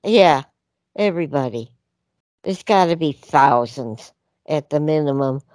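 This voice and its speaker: A woman's voice: low-pitched, animated, measured pace, a little mellow, no room sound. A woman calling in to a radio talk show, speaking in a hesitant, casual way with many fillers. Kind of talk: casual chat.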